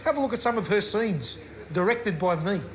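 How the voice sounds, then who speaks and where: A man's voice: high-pitched, expressive, brisk. A man, casually introducing clips from his film and bragging a little. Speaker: host presenting clips. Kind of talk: casual chat.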